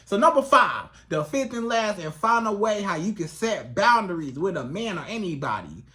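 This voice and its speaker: A relationship coach talking to camera in a lively, colloquial way, often acting out both sides of a conversation. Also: medium pitch, moderate pace. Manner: animated, colloquial, acts out dialogues. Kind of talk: advice vlog monologue.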